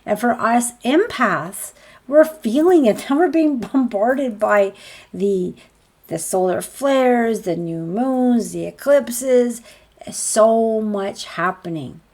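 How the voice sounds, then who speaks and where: A woman's voice: fairly high pitch, expressive, slow, a little mellow. A woman speaking as a spiritual healer on a group healing call, earnest and encouraging, often piling up rhetorical questions.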